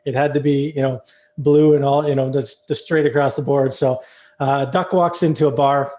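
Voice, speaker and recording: A Canadian man, a trading coach, explaining trade setups in a relaxed, loose way with many fillers. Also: mid-range voice, normal speed. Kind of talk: casual trading chat. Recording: dull lo-fi audio.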